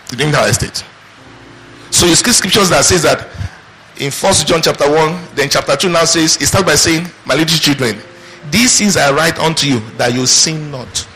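A man's voice: on the high side, moderate pace, pushed and bright, a little hiss or hum, poor audio. A man preaching a sermon, asking rhetorical questions and answering them in call-and-response. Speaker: pastor.

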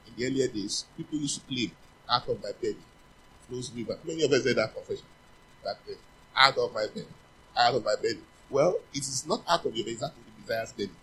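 A man's voice: medium pitch, a little hiss or hum, low-quality recording. Man preaching a sermon, questioning and repeating. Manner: teaching, repeats key phrases, asks the congregation questions; grows louder and faster, urging.

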